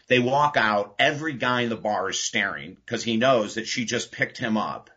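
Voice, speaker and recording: Male podcast guest, husky bright voice, lively storyteller. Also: fairly low pitch, moderate pace, hardly any pauses, lo-fi sound. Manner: animated anecdote telling with laughs. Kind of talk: casual storytelling interview.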